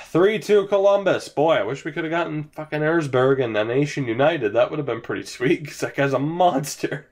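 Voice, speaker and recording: His voice sits on the high side and runs at normal speed. A young gaming commentator at home, he casually talks through his hockey video game franchise in let's-play fashion, sighing, yawning and sounding resigned as his team loses.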